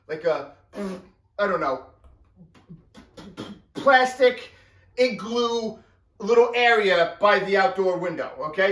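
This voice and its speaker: A man telling a comedic story as a rant, animated and exasperated, acting out the other people in the story in quick character voices. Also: high voice. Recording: roomy sound from a distant mic.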